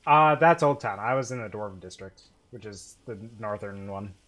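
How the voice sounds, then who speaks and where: A man's voice: lowish voice, moderate pace, a bit bright. Laid-back man on game voice chat. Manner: laid-back, short easygoing replies. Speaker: co-op gamer. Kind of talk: casual chat while gaming.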